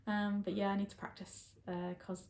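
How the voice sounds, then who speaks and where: A woman's voice: medium pitch, flat delivery, normal speed, darkish tone. Chatty Englishwoman in an echoey room. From England. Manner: chatty, laughs often, many fillers. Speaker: guest. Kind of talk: casual chat.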